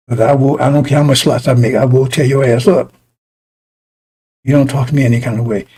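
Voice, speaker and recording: Blunt, husky-voiced preacher man. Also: mid-range voice, steady tone, fairly quick, pauses often, warm tone, rough recording. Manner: blunt, profane, rambling, with many restarts. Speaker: preacher addressing a congregation. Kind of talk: informal broadcast sermon with personal stories.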